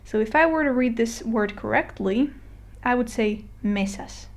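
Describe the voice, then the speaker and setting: A woman giving a casual explainer lesson, chatty with fillers and restarts, slowing down to model words. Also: on the high side, creaky. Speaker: Spanish teacher. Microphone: voice-over on a screen recording.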